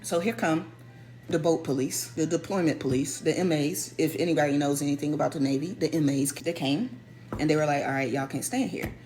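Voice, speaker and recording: Woman storyteller, lively and emphatic, slightly low register, soft music bed. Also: a little fast. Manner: animated, emphatic, repeats key phrases. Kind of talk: casual storytelling.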